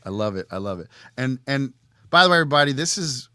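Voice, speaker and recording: Male podcast host, bright forceful tone, playful and quick to laugh. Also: mid-range voice, expressive, clean tone, no echo, clean studio sound. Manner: jokey, laughs often, upbeat. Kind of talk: casual live interview. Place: in Red Bank, New Jersey.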